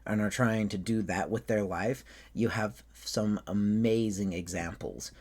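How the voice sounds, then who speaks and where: A man who performs at a Renaissance faire, explaining how he does accents in a casual way. He speaks English with a put-on German accent over a slight Southern and Western American one, and his voice jumps up high when he shows off his flamboyant character. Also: a little slow, darkish tone, breathy edge. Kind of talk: casual talk on accent technique.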